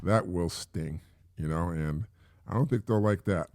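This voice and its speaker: Middle-aged guy podcasting solo, gravelly low voice, rambly and chatty, dry close sound. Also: a little slow, a little mellow, dry recording. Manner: rambling, conversational, with frequent fillers and repeats. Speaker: podcast host. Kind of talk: casual solo podcast talk.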